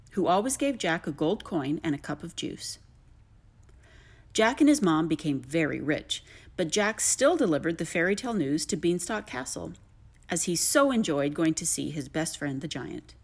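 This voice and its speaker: Animated lower-voiced woman reading a storybook. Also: normal speed, breathy edge. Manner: animated, lilting. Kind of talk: expressive read-aloud storybook narration.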